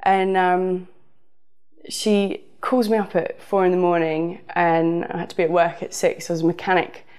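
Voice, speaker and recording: A woman's voice: fairly low pitch, little pitch movement, moderate pace, darkish tone, clean tone. Southern English woman telling a rambling story. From southern England. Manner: rambling, casual, with frequent fillers. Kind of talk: personal storytelling.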